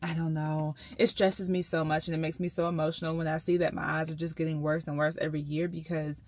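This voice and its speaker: A woman talks casually to her viewers. Her voice sits a little low, and she chats loosely with plenty of fillers. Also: level tone, quick pace. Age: 30s. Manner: chatty, frequent fillers, addresses viewers as y'all. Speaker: vlogger. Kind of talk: casual vlog chat.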